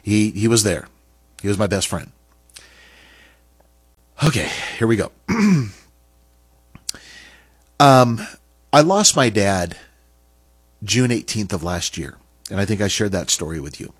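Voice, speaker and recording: A middle-aged man telling a personal story in an earnest, halting way, with restarts and pauses. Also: on the low side, lively intonation, breathy edge, no room sound. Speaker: speaker sharing a personal story.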